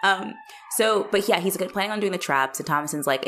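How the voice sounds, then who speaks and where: A woman's voice: lowish voice, expressive, fairly quick, fairly bright tone, a little hiss or hum. A woman co-hosting a casual film chat, recapping the plot with frequent laughter and casual swearing. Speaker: podcast co-host.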